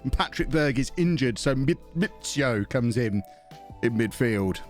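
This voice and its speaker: A man's voice: mid-range voice, expressive, unhurried, soft background music. A man casually commentating on his own football management game on a live stream, chatty and self-mocking as he thinks aloud and thanks subscribers.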